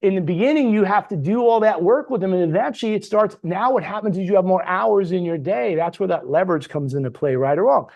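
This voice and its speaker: A man's voice: high-pitched, quick pace, creaky, hardly any pauses, a little mellow, highs cut off. A middle-aged man giving a motivational sales training talk, punchy and full of rhetorical questions, tagging his points with "right?". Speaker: business trainer.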